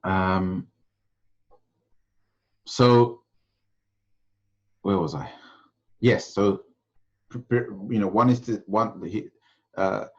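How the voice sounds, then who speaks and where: A man's voice: fairly low pitch, fairly even intonation, very slow, pauses often, muffled recording. A man from Sylhet, Bangladesh, giving an informal religious lecture in a conversational, storytelling manner. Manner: conversational, storytelling, frequent restarts. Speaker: religious teacher.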